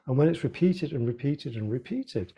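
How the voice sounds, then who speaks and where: Gravelly, husky man explaining earnestly. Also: mid-range voice, expressive, moderate pace, mellow. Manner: earnest, example-driven, repeats words while thinking. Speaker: life coach and author, guest. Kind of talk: explanatory interview talk.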